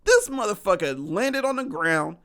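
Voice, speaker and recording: A man hosting a solo podcast, talking casually and profanely to his listeners, with lively asides. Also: sits high, normal speed, clean tone. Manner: profane, animated, laughing asides, addresses listeners as y'all. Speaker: podcast host.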